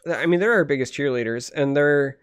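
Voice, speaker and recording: A man co-hosting a casual podcast chat, rambling and animated, with lots of restarts. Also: fairly high pitch, fairly quick. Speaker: podcast co-host.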